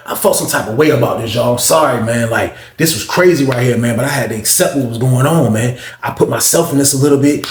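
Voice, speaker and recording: A man's voice: medium pitch, quick pace. A man rattles off a personal story at speed, swearing freely and switching between the voices of the people he quotes. The room around him rings with echo, and a faint hiss sits underneath. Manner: animated, profane, acts out both sides of conversations. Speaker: storyteller recounting his own past. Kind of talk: casual storytime monologue.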